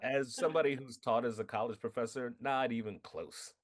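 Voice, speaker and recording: A man's voice: medium pitch, a little fast. Frank storytelling man, guest director. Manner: storytelling, quotes others in lively voices, frank. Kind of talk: casual interview conversation.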